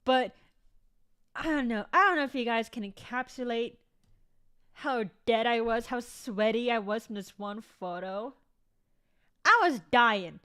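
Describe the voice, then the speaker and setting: A woman's voice: on the high side, measured pace, pauses often, fairly bright tone, clear, resonant tone. A young woman vlogging in casual chat to her viewers, rambling and swearing freely.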